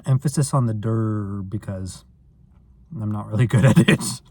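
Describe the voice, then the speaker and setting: A man's voice: on the low side, unhurried, darkish tone, a little hiss or hum. A man vlogging in a rambling, self-deprecating casual chat, full of filler words.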